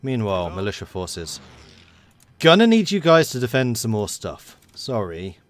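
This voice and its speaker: Low-voiced man commentating a strategy game. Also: sing-song, moderate pace. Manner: chatty, wry, talks to his units. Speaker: let's play commentator. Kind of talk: casual gameplay commentary.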